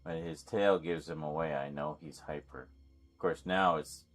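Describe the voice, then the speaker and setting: A man's voice: rumbling low, fairly even intonation, normal speed, faint music behind. A man streaming live, chatting casually and rambling to his viewers and his pets.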